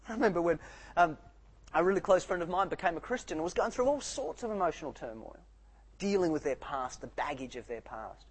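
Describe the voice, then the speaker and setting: Husky animated male preacher. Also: fairly high pitch, fairly quick, low-quality recording. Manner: animated, swings from soft to loud. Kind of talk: sermon.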